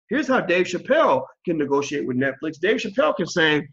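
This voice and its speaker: Blunt, animated man on lo-fi audio. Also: fairly high pitch, a little fast, hardly any pauses. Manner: blunt, animated, swears freely, acts out quoted voices. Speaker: channel host. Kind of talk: opinion commentary monologue.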